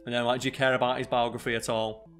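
A man's voice: medium pitch, flat delivery, fast, a bit bright, clear, resonant tone, soft background music. A young man, co-host of a casual podcast, who rambles with many fillers and restarts. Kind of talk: casual chat.

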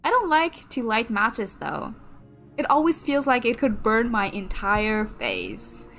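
A woman's voice: on the high side, big pitch swings, takes it slowly, fairly bright tone, faint music behind. A young adult woman streamer narrating a game playthrough, reading the text aloud in a small girlish voice.

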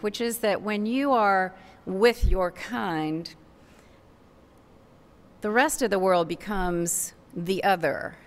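Middle-aged woman columnist, lowish voice, wry and candid, panel talk on a stage mic. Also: vocal fry. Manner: candid, wry, self-deprecating asides. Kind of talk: panel discussion remarks. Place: university forum stage. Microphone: stage microphone.

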